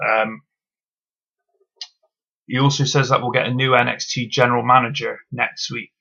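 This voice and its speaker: A man's voice: mid-range voice, level tone, moderate pace, gravelly, pushed and bright, lo-fi sound. A man giving a casual solo review of a wrestling show, blunt and opinionated, swearing, with lots of ums.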